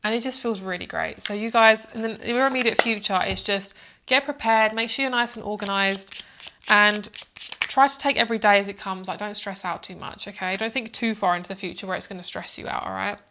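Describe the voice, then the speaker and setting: A woman reading tarot cards for her viewers in a loose, chatty way. She sounds motherly and talks at an easy middle pitch, wandering through her thoughts and circling back on herself. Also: fairly quick, slight background noise. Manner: warm, motherly and chatty, calls viewers "my love"; rambling, with many fillers and restarts. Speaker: psychic tarot reader. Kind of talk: casual tarot reading to camera.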